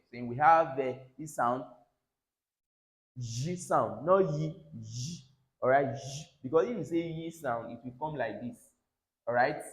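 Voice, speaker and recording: A man teaches a pronunciation lesson in a mid-pitched voice. He repeats each word and keeps checking in with "all right?". The sound carries the echo of a bare room. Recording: echoey room.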